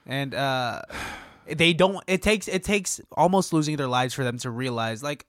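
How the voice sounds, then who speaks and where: A man's voice: medium pitch, moderate pace, fairly bright tone, no echo, studio quality. A man co-hosting a casual movie talk, laid-back, swearing and acting out lines. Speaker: podcast co-host.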